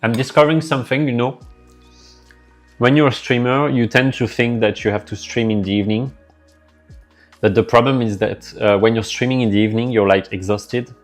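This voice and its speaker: A man's voice: mid-range voice, steady tone, a little fast, soft background music. A man with a French accent, live streaming and chatting casually with his viewers, rambling as he answers their messages aloud.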